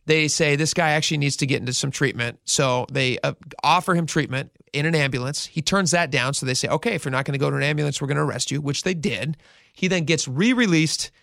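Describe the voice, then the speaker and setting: A man's voice: fairly high pitch, fast, gravelly, dry recording, clean studio sound. A radio show host telling a news story in casual talk, acting out the quotes as he goes. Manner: animated storyteller, acts out quotes.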